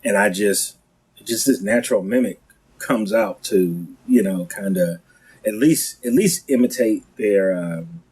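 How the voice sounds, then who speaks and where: A man's voice: fairly low pitch, breathy edge, poor audio. A man, a guest comedian, talking casually on a podcast, telling stories with lots of restarts and acted-out quotes. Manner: animated storyteller, quick restarts, acts out quotes.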